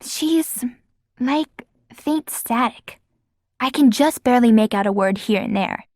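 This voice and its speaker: An earnest young girl who loves animals, as a woman narrator puts her on, with a high, eager voice and quick questions. The storybook reading is dry and close, with no room sound. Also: expressive, darkish tone, no room sound. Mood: puzzled. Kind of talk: audiobook character voice.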